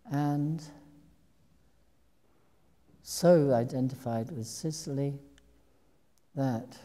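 An older actress tells a long, meandering story to a live audience. Her voice sits low and dark and the pace is unhurried. The sound carries the long reverb of a large hall. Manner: meandering, reflective storytelling with restarts. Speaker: actress telling stories to an audience. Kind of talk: anecdotal public talk.

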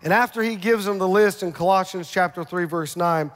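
Pastor guy preaching hard, kinda high voice, long echo like a big church hall. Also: brisk. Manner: energetic preaching with rhetorical questions and humor. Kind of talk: sermon.

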